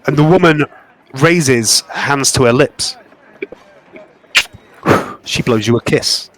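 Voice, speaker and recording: A man narrating a tabletop game as game master in a slow, dramatic, descriptive way. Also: medium pitch, fairly bright tone, low-quality recording.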